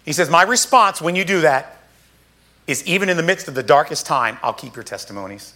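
A man preaching a sermon, reading scripture aloud and explaining it in an emphatic, casual way with quick asides. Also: fairly high pitch, animated, sharp tone.

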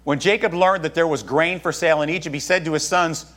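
A man's voice: fairly high pitch, steady tone, fast talker, fairly bright tone. A man pastor preaching a sermon, talking to his congregation in a conversational way with joking asides.

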